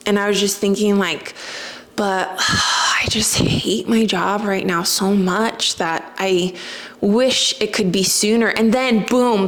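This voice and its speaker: A young woman speaks in a loose, chatty vlog voice, full of "like" and little asides. Her pitch sits in an ordinary middle range. She comes across as open and emotional as she tells her story. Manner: chatty, emotional, says "like" often. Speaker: spiritual vlogger. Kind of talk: casual storytelling to camera.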